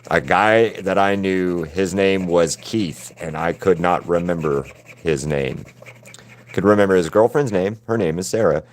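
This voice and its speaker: On a live stream, a man paints while chatting casually with his viewers, rambling in a laid-back way and swearing freely. His voice is deep and a little slow.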